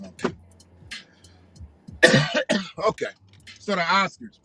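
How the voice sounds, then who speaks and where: A man's voice: sits high, normal speed, bright, forceful tone, soft background music. A man hosting a live stream, giving rambling, profane commentary and often repeating himself. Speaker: livestream host.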